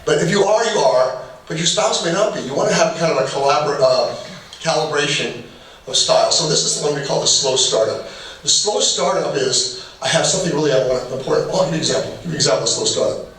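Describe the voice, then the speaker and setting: A man's voice: on the high side, fast, fairly bright tone. Middle-aged man speaking in an echoey hall. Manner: humorous, conversational, acts out little dialogues. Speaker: marriage workshop presenter. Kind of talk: casual workshop talk with personal stories. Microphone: distant room mic. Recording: echoey hall, far from mic, faint noise.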